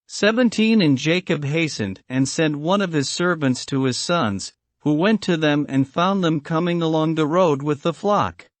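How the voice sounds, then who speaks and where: A man's voice: a little high, measured pace, hardly any pauses, no room sound. A man reading an old scriptural story aloud in a solemn archaic style, calling out verse numbers. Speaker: narrator.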